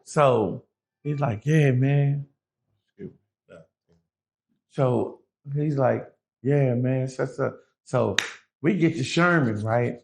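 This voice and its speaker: Gravelly-voiced man telling a story. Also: medium pitch, extremely slow, long pauses. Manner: animated, profane street talk, quotes others. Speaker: guest telling prison stories. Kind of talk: casual storytelling.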